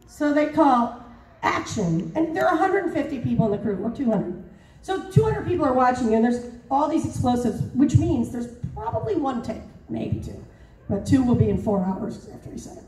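An animated woman, a voice actor and convention guest, tells stories at a panel in a large convention hall, laughing and using lots of fillers. Her voice is high at a moderate pace, recorded with a far-off mic in a roomy hall.

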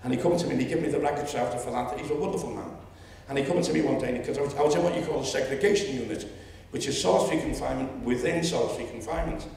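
A man in his seventies with a Liverpool accent, telling a story at a public meeting and rising to loud indignation. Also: mid-range voice, racing, hardly any pauses, a little hiss or hum. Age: 70s. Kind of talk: impassioned public speech. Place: lecture hall. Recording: echoey hall, distant mic.

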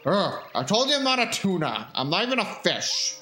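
Dude putting on a slow whiny whale, raised a bit higher, game music faint behind. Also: male voice, big pitch swings, bright, forceful tone, full character voice. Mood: pleading. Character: big whiny male whale with a bellyache.

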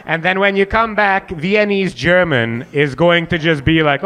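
A man's voice: fairly high pitch, normal speed, fairly bright tone. A young man doing stand-up crowd work, riffing with the audience and acting out mocking voices in a comedy club. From Hungary and South Africa.

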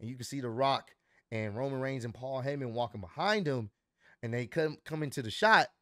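A man recapping wrestling events in a casual vlog, telling the story with slangy excitement. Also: mid-range voice, a little fast, no echo, clean studio sound. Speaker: wrestling commentary vlogger.

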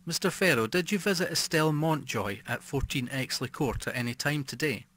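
A man's voice: a little high, fairly quick, fairly bright tone, voice pushed up. A man reading the part of a formal, polite police officer asking questions in an audiobook. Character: formal, stern adult male police officer.

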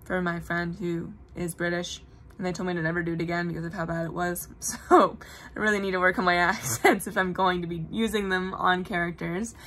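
A woman's voice: fairly low pitch, little pitch movement, brisk, fairly bright tone, a little hiss or hum. A young adult woman, a puppeteer, telling stories in casual, earnest chat. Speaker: puppeteer guest. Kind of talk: casual chat on a live web show.

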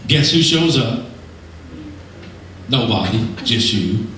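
A man preaching a sermon, emphatic and animated, swinging between shouts and low asides, heard from far off in an echoey church hall. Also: slow, a little hiss or hum.

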